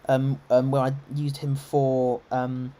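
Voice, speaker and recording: A man's voice: mid-range voice, monotone, takes it slowly, warm tone. A man with an English received-pronunciation accent, giving chatty live gameplay commentary full of ums and restarts. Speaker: game streamer.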